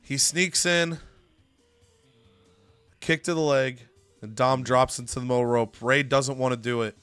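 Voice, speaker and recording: A man's voice: mid-range voice, fairly even intonation, measured pace, fairly bright tone, clean tone, dry recording, faint music behind. A man narrating a wrestling management game story with dramatic, commentary-style delivery.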